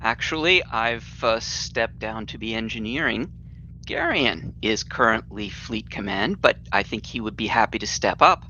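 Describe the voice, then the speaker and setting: A man playing an engineering officer in a casual voice-chat roleplay, relaxed and brief in his replies. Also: on the low side, normal speed, highs cut off, a little hiss or hum.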